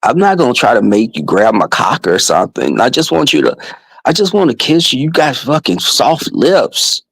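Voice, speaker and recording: A man's voice: medium pitch, sing-song, normal speed, gravelly, fairly bright tone, breathy edge, dry recording, voice pushed down, exaggerated voice. A man putting on a whiny drunk guy begging. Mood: whiny pleading. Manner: whiny, pleading. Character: drunk pushy young man begging for a kiss.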